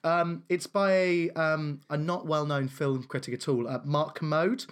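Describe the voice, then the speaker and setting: Male co-host, higher register, eager, halting, casual film chat. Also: steady tone, smooth. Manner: enthusiastic, hesitant with fillers. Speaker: podcast co-host.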